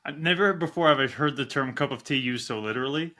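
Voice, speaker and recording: A man's voice: medium pitch, quick pace, bright, forceful tone. A man co-hosting a podcast, joking playfully with the guest. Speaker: podcast co-host. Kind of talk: casual interview chat.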